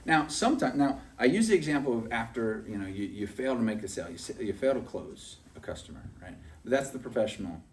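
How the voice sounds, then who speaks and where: A man's voice: medium pitch, big pitch swings, fast, few pauses, a little mellow, distant mic. A man giving a motivational sales training talk, chatty and often asking "right?" to check in with his listeners.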